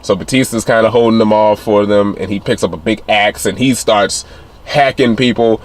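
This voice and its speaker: A man's voice: fairly even intonation, moderate pace. A man casually recapping a film's plot as a reviewer, rambling with many fillers. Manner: rambling retelling with many fillers, acting out quotes in a higher voice. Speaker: film reviewer. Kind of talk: casual spoiler recap of a film.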